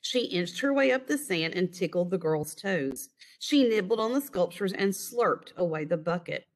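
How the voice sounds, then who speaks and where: A woman reading a children's picture book aloud in an expressive storytelling manner, recorded over a screen share. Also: fairly low pitch, normal speed. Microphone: online screen-share recording.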